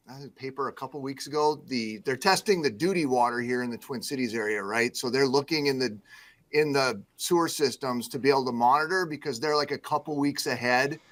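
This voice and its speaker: A man's voice: medium pitch, fairly bright tone. A man from the Midwest, a news anchor speaking as a guest on a radio show, modest and easygoing, with many fillers. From Midwestern United States. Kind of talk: casual radio chat.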